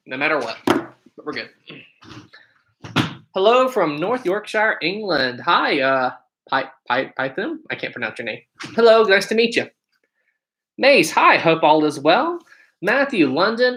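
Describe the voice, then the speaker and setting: This upbeat American livestream host has a medium-pitched, fairly bright voice. Working from a home setup, he chats casually, reading comments aloud and greeting viewers one at a time.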